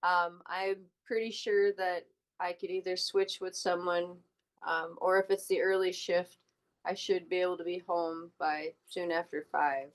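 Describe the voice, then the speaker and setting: A woman's voice: lowish voice, steady tone, unhurried. A woman, a tabletop game player, talking through her work schedule in casual chat with hesitant restarts.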